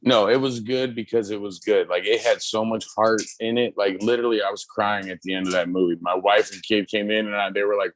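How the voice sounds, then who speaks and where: Man, low voice, casual chat, profane, excitable, dry close sound. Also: fast, hardly any pauses, no echo. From United States. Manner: loose, profane, excitable storytelling. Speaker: podcast co-host.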